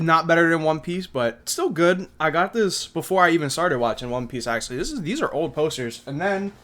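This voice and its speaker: A young man in his twenties with a slightly higher voice than most men. He rambles through a manga chapter review in loose, slangy chat, tossing in casual swears and quick impressions of characters. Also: a bit bright. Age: 20s. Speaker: anime review vlogger.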